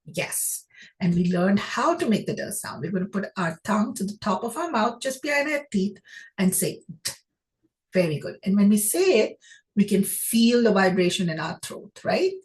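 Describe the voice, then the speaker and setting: A woman teaching children phonics, patient and encouraging, sounding out words slowly and praising often. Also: mid-range voice, sing-song. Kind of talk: phonics lesson to young children.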